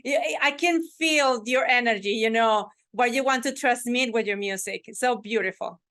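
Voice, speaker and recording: A woman's voice: on the high side, normal speed, a bit bright. Effusive woman podcast host, many restarts. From Mexican family, works from the United Kingdom audience side. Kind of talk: casual interview chat.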